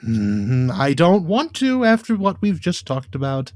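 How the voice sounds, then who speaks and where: A man co-hosting a podcast in casual chat, given to animated, exasperated rants. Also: fairly high pitch, unhurried, no echo, clean studio sound. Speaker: podcast co-host.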